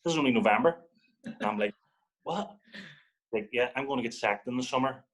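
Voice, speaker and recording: A young man from Northern Ireland, appearing as a football guest, speaks at medium pitch and a quick pace on a rough recording. Chatting casually, he tells a story with plenty of swearing, animatedly performing others' lines.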